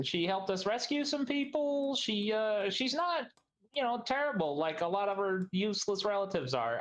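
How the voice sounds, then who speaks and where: A man playing in a tabletop game, chatty and quick to poke fun at himself. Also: sits high. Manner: chatty, self-mocking. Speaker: player. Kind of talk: casual tabletop game chat.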